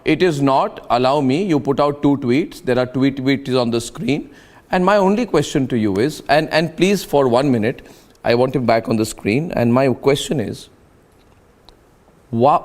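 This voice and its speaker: A man's voice: mid-range voice, lively intonation, darkish tone. A man with an Indian accent anchoring a heated TV debate, pressing the same questions again and again. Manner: insistent, repeats questions rapidly.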